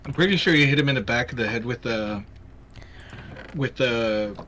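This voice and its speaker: A man's voice: medium pitch, normal speed, pushed and bright, a little hiss or hum. A man hosting a charity stream, chatting casually while gaming, rambling and swearing as he gets heated about wrestling.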